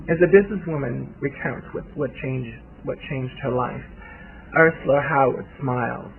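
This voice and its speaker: A man narrating a story in a measured reading style, with occasional restarts, on a tinny, lo-fi recording. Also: mid-range voice, vocal fry, a little hiss or hum. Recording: tinny phone-like lo-fi sound.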